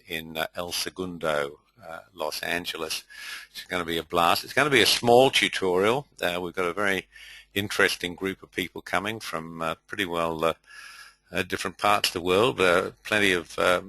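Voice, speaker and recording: Low-voiced chatty man hosting. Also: sharp tone, dry recording, poor audio. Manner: chatty, hesitant, with frequent filler pauses. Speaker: webinar host and trading tutor. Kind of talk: live webinar presentation.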